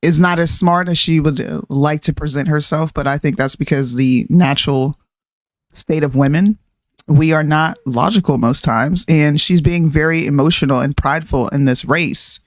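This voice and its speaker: A woman's voice: low voice, normal speed, dry recording, clean studio sound. A woman co-hosting a casual political talk show, giving her opinions emphatically. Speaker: show co-host.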